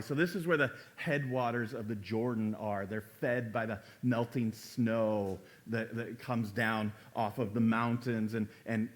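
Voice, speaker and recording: A male pastor preaching a conversational sermon in a church, acting out quoted lines with sudden jumps in pitch and loudness. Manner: conversational preaching, acts out quoted dialogue with big pitch swings.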